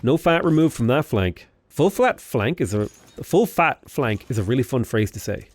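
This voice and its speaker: A man's voice: medium pitch, big pitch swings, moderate pace, dry recording. A young man chatting casually while playing a strategy game, rambling into jokey asides. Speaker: gaming YouTuber. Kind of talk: casual gameplay commentary.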